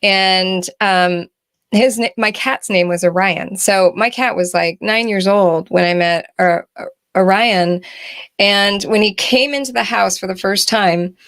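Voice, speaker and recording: A woman guest on an interview show, telling a personal story in an animated way, acting out the dialogue and laughing often. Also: medium pitch, measured pace. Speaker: guest author and spiritual healer.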